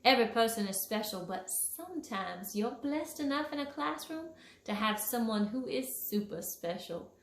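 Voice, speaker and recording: Woman playing a Southern-drawling manners fairy, sugary and prim, high voice, echoey room. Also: expressive, moderate pace. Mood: sweet scolding. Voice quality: honeyed, gently scolding, calls kids pet names. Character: sweet, prim female fairy who teaches manners.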